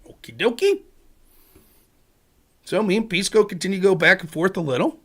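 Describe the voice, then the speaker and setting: Man, livestream host, ranting commentary, sarcastic, profane, lively pitch. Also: normal speed. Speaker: streamer host.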